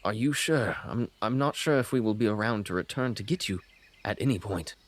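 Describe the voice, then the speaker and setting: A dutiful ship captain with a low voice, as a game master puts him on. He speaks in a formal, measured way, checking in over a magic stone. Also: expressive, lightly acted. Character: gruff male ship captain, calm and dutiful.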